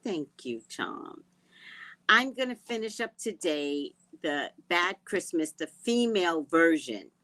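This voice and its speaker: A woman host chatting casually with viewers, giggly and drifting between soft murmurs and loud outbursts. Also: lowish voice, sing-song, takes it slowly, dry recording, poor audio. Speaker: livestream host.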